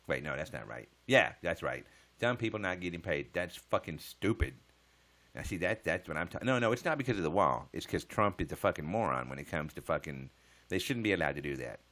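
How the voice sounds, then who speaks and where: A man's voice: deep voice, a bit bright. A man live streaming, chatting casually with viewers in a joking, profane way.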